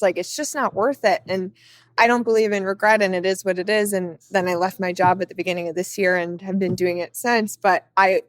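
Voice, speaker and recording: A woman's voice: mid-range voice, no echo. Chatty young woman, dry close sound. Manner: chatty, many "like" fillers. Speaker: guest. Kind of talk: casual conversation.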